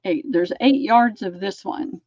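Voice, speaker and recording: A woman's voice: mid-range voice, dry recording, highs cut off. Chatty woman hosting a live lace sale. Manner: chatty, describes lace items slowly. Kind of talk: live-stream sale chat.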